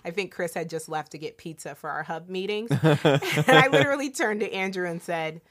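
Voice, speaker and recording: A young woman from Delaware in casual conversation, reflective and quick to laugh. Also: lowish voice, animated, a crowd in the background.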